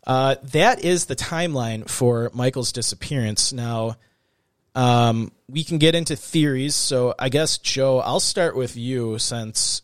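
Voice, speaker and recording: A man's voice: medium pitch, a little slow, smooth, dry recording, studio quality. A man hosting a casual true-crime podcast late at night, reading quotes aloud and then chatting loosely. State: tired, recording late at night. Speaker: podcast host.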